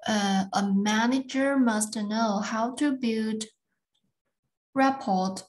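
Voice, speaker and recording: Woman, English learner, slow, hesitant. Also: on the high side, low-quality recording. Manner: hesitant, careful reading. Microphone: video call.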